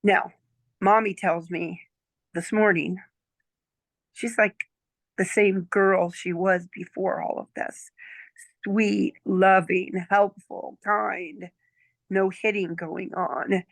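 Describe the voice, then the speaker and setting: Chatty grandmother in her sixties, gravelly. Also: medium pitch, fairly even intonation, slow pace, long pauses, dry recording. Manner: chatty, checks in with "okay?" and "right?". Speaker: client giving a testimonial. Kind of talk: casual storytelling chat.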